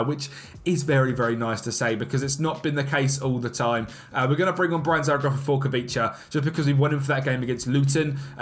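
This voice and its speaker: A man commentating on his own football management game, animated and self-mocking, shouting at the referee. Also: a little high. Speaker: gaming YouTuber.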